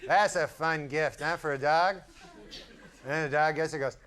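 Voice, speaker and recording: A man doing a stand-up routine in a deadpan, rambling way, chuckling at his own jokes. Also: a little high, moderate pace. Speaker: stand-up comedian. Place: comedy stage with a live audience. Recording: live stage recording with loud crowd and noise.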